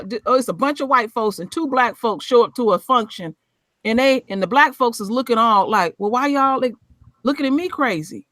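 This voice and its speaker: Woman hosting a chat, high animated voice, blunt and cussing, dry sound. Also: dry recording. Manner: blunt, profane and emphatic. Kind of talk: casual chat.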